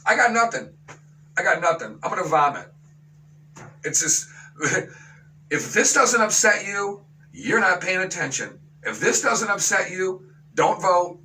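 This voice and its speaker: A man's voice: high-pitched, big pitch swings, measured pace, long pauses, bright, forceful tone, recorded from a distance, slight background noise, low-quality recording. A man hosting a talk radio show, ranting with outrage and sarcasm and slipping into mocking voices. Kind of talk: opinion talk radio monologue.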